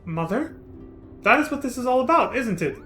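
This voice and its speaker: A man's voice: extremely high pitch, animated, fairly quick, fairly bright tone, faint music behind. A man reading the lines of a protective young brother from a game, urgent and pleading. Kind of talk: reading game dialogue aloud.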